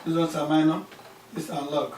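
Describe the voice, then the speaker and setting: A man's voice: a little high, flat delivery, normal speed, a little mellow. A man teaching a maths class, repeating key terms and asking questions aloud. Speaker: mathematics teacher. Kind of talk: classroom lesson. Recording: echoey room from far off with faint background noise.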